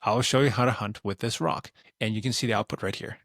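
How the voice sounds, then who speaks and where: A man giving a relaxed, plain-spoken tutorial explanation as a voice-over. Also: on the low side, fast, no echo, studio quality. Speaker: tutorial creator. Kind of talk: instructional screen-recording explanation.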